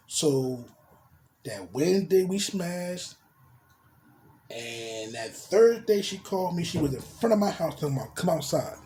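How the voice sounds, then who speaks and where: A man's voice: a little high, very animated, unhurried, mellow. A man telling a crude personal story in casual slang, dropping in spoken sound effects. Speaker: storyteller vlogger.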